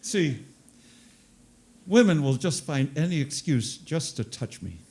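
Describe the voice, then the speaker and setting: A man's voice: on the high side, big pitch swings, slow pace, a little mellow. An older man performing a stand-up comedy routine, self-deprecating and fond of repeating his punchlines for effect.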